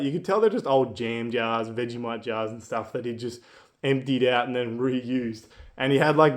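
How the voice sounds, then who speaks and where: Man, young, chatty storytelling, mid-pitched voice. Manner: chatty, lots of fillers and asides. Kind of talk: casual anecdote.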